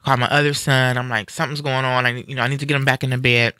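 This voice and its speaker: A man in a casual live-stream conversation, retelling a personal story in an animated way and acting out what people said. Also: mid-range voice, rapid-fire, smooth, no echo, clean studio sound. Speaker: guest sharing a personal story.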